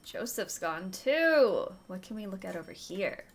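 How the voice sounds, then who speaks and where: A woman's voice: mid-range voice, sing-song, measured pace, noisy background. Chatty giggly woman gaming commentary. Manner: chatty, giggly, reads instructions aloud. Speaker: video game let's-play host. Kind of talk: casual gameplay commentary.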